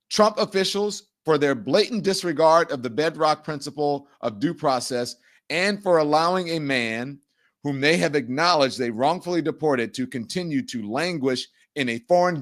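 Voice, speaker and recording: A middle-aged man hosting his own show, chatting in a rambling, effusive way before turning to emphatic news commentary. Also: a little high. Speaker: show host.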